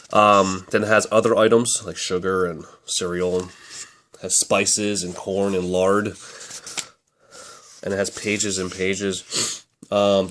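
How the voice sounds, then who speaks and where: A man's voice: low voice, a bit bright. A man casually reviewing a language book, chatty and rambling, often correcting himself mid-sentence.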